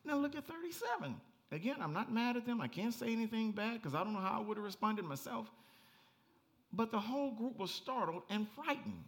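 A man preaches from the pulpit in a lively, conversational sermon. His voice sits fairly high for a man, and he swings from quiet scripture reading to excited, near-shouted asides with bits of laughter. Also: a little fast. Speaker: pastor.

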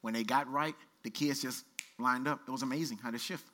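A man pastor preaching a sermon, reading scripture aloud with colloquial asides and lively exhortation. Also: medium pitch, a little fast. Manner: animated preaching, reads scripture aloud with asides and playful voices.

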